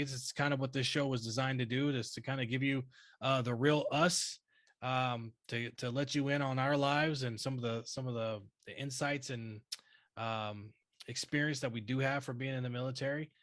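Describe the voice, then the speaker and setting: A man's voice: mid-range voice, moderate pace, dry recording. Casting note: male veteran podcast host, laid-back, salty language, dry close sound. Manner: relaxed, swears often, fillers. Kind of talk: casual podcast chat.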